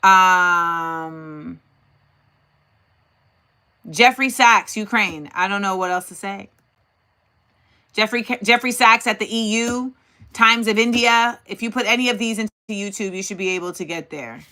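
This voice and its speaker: A woman's voice: medium pitch, a little slow, long pauses, bright, forceful tone. A woman hosting a casual livestream, thinking aloud and talking directly to her chat. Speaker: host.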